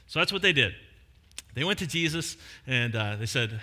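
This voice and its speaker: A man's voice: medium pitch, expressive, moderate pace, bright, forceful tone. A man preaching a sermon as a pastor, retelling a story with acted voices and a casual, joking delivery.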